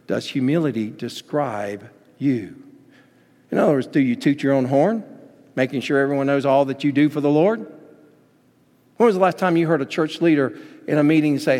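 A man's voice: mid-range voice, darkish tone, long reverb tail. A man preaching a sermon as pastor, telling stories with emphasis and acting out the quotes he cites.

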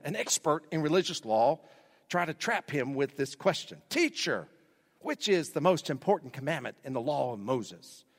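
A male pastor delivering a sermon, building emphasis through repeated phrases. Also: mid-range voice. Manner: preaching with rising emphasis and repetition. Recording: long hall reverb.

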